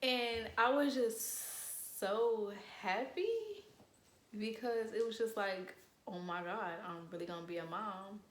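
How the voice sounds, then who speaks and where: A young woman in casual storytime chat, animated and profane, acting out what people said. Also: mid-range voice, slow, echoey room, a little hiss or hum. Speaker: vlogger.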